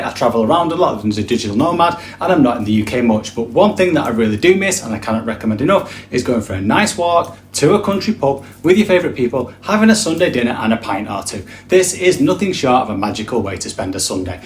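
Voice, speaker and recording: A young man with a Manchester accent chatting through a jokey, animated explainer vlog. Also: medium pitch, slight background noise. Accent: Manchester English. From England. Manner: chatty, jokey, animated list-style delivery. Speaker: vlogger. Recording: echoey room.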